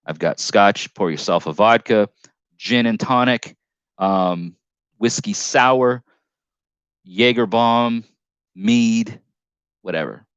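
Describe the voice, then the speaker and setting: A man's voice: on the low side, takes it slowly, long pauses, a bit bright, smooth, no echo, dull audio. A man hosting a casual live stream, reading chat comments aloud in a rambling, jokey way with frequent restarts.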